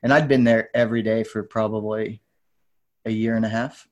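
A man in his forties talks as a podcast guest. He rambles and drifts onto tangents. He gets animated when he repeats what other people said. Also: lowish voice, moderate pace, muffled recording. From United States. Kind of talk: casual storytelling interview.

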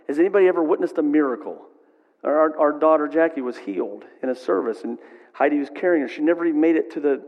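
A man's voice: a little high, long reverb tail, highs cut off. A middle-aged man preaching a sermon in a church, conversational and asking the congregation "right?" often. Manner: conversational, asks the crowd "right?". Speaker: pastor.

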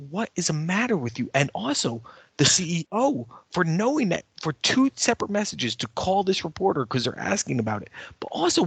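A man co-hosting a podcast, telling a story in a casual, animated way and getting worked up as he rants. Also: fairly high pitch, vocal fry, slightly rough, no echo. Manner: animated, ranting storyteller who grows heated. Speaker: podcast co-host and editor.

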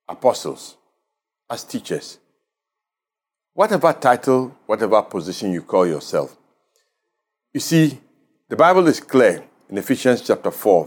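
A pastor with a Ghanaian English accent preaches a radio sermon, measured and emphatic as he leans on key words. His voice is medium in pitch with a darkish tone.

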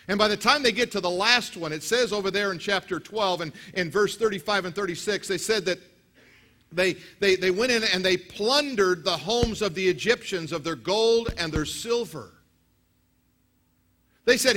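A man preaching a sermon as pastor, telling stories with acted quotes and lively delivery. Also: sits high, moderate pace. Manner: storytelling, animated with acted quotes.

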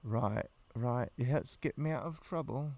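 Prowadzący podcastu, mężczyzna: żartobliwy, często się śmieje, czyta komentarze widzów; nagranie suche, bez pogłosu. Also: male voice, medium pitch, a little slow, a little mellow, no echo. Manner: joking, laughs often, reads viewer comments aloud. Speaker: podcast co-host. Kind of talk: casual live-stream chat.

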